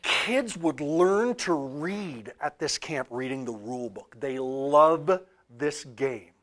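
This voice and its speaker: A man telling a story in a talk about archetypes, animated, with loud peaks and quiet asides. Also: fairly high pitch, slow pace. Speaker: author and speaker on archetypes.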